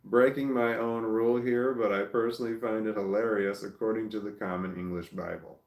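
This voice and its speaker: A Southern man with a Southern American accent casually reads live comments and reacts to them in a stop-start, chuckling livestream chat. His fairly low, darkish voice keeps a steady tone at a slightly fast pace, and the sound is roomy.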